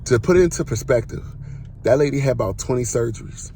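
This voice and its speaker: A man hosting a podcast, telling a personal testimony in a casual, animated way, full of slang and acted-out exclamations. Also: medium pitch, quick pace, husky. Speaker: podcast host.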